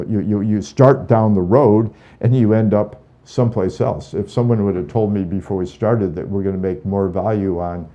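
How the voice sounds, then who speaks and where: A man with a low, mellow voice talks as an interview guest, earnest and a little halting as he circles back over his words. The sound is dull and lo-fi. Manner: earnest, repeats words while thinking. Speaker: podcast guest, drilling automation engineer. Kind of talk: casual interview talk.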